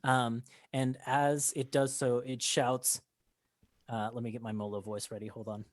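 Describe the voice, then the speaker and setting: A man's voice: medium pitch, little pitch movement, measured pace, background noise. A man narrating as game master of a tabletop game, describing scenes with many ums and restarts.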